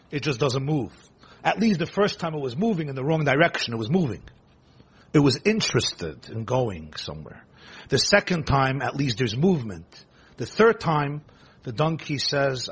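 A rabbi preaches a sermon in a husky, fairly high voice. His pitch swings widely as he tells the story. He breaks into rapid bursts of emphasis.

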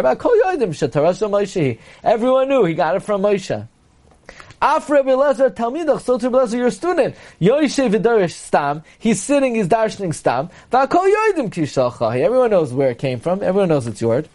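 A man teaching a Talmud class, reading Aramaic lines and explaining them with lively retelling. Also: sits high, moderate pace. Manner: reads Aramaic then explains in English, animated.

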